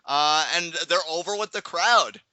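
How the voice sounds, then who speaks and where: A man's voice: fairly high pitch, a little slow, dry recording, highs cut off. A man co-hosting a casual live reaction chat, joking and playfully dramatic. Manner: animated, jokey, playfully dramatic. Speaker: guest co-host.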